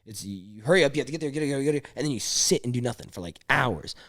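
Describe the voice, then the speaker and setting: A man's voice: medium pitch, fast talker, dry recording, studio quality. A man talking as a podcast guest in casual chat, rambling through stories and saying dude and bro a lot. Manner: rambling, animated storyteller, says dude and bro.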